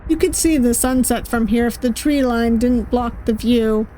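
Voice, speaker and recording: A woman's voice: fairly high pitch, moderate pace, mellow, a little hiss or hum. A woman streaming a visual novel playthrough, reading its text aloud with playful voices and laughter.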